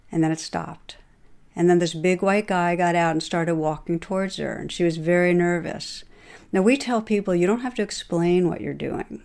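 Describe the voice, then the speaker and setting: A woman hosting a podcast, telling a long story in an earnest, steady way and quoting the people in it. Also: on the low side. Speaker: podcast host. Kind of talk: retelling a story in a talk.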